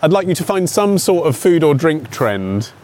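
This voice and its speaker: A man's voice: on the high side, normal speed. A man hosting a podcast, chatting playfully and teasing his co-host. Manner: playful, teasing, animated storytelling. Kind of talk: casual chat.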